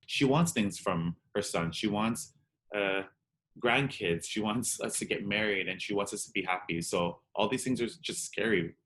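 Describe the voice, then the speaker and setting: Candid man, low voice, acting out dialogue. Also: normal speed, fairly bright tone. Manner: candid and emotional, acts out dialogue, peppered with "like". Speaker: drag performer and interview guest. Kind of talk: personal storytelling in an interview.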